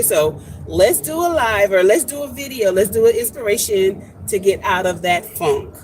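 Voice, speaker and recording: A woman's voice: a little high, noisy background. Chatty woman livestreaming from a car. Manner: animated, chatty, greets viewers by name. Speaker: homesteading livestream host. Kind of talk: casual livestream chat.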